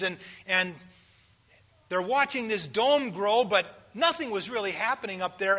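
A man in his sixties preaching a sermon, asking the congregation questions and swinging between hushed pauses and loud emphasis. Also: high-pitched.

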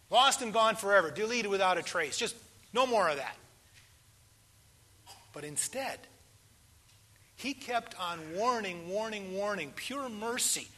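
His voice high-pitched, a preacher in his sixties questions the congregation throughout his sermon, moving back and forth between hushed pauses and loud emphasis.

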